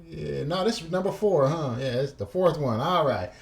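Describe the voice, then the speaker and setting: A man's voice: fairly high pitch, animated, moderate pace, creaky. A man hosting a reaction video, folksy and laid-back. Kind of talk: casual reaction commentary.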